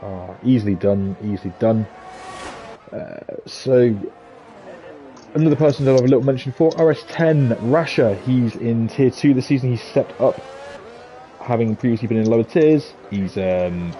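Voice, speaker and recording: A man with a Scouse accent commentating a sim racing league, excitable and jokey. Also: normal speed, a little hiss or hum. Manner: excitable and jokey, pitch leaping on big moments. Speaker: race commentator.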